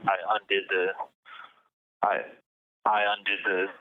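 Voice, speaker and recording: A man interviewed as a guest over a phone line, talking in a halting way and often repeating words. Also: low-pitched, completely flat delivery, dry recording.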